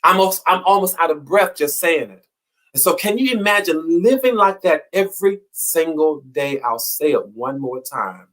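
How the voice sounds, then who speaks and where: An animated man with a fairly high, slightly bright voice hosts an inspirational program at a moderate pace. He sounds like a preacher, repeating lines while his emphasis swells and ebbs.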